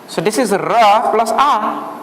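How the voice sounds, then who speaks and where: A man's voice: high voice, lively intonation, slow, a bit bright. A man teaching a Sanskrit class, patiently explaining and repeating words for the students, asking them questions as he goes. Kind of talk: classroom lecture. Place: classroom or hall. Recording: echoey hall, faint room noise.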